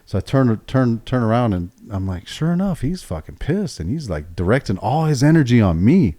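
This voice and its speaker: A middle-aged man telling a story on a podcast in a casual, profane, animated way, acting out quoted lines. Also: mid-range voice, moderate pace.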